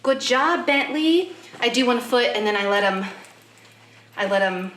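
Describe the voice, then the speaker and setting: Young woman, casual home vlog, chatty and explanatory, mid pitch, faint background hiss. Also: steady tone, normal speed, a bit bright. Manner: chatty, explains as she works, baby-talks her dogs. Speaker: pet vlogger. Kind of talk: casual vlog talk while doing chores. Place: home with dogs.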